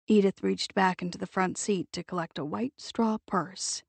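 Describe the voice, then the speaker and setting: A woman narrating a novel in a steady storytelling read. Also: medium pitch, moderate pace, creaky, few pauses, no echo. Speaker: audiobook narrator. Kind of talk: scripted audiobook narration.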